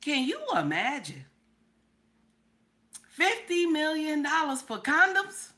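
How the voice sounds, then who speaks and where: Sassy woman with a cold, bright high voice. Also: wildly swooping pitch, takes it slowly. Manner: sassy, repetitive, profane. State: has a cold, coughing. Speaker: commentary host. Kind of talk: livestream commentary.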